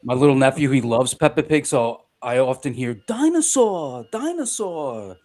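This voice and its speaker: A man's voice: mid-range voice, steady tone, a little fast, a little mellow. A man who is a comic artist, talking hesitantly but enthusiastically about his work on a livestream. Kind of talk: casual chat.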